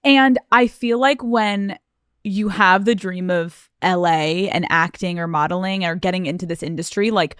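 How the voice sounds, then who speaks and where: A woman's voice: on the low side, moderate pace, a bit bright, clear, resonant tone, no room sound, studio quality. A woman hosting a podcast, asking questions in a playful, teasing way, swearing and laughing. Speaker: podcast host. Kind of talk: casual interview chat.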